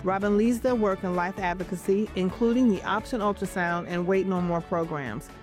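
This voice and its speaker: A woman's voice: medium pitch, moderate pace, over music. A woman hosting a podcast interview, introducing her guest and offering affirming replies. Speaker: host.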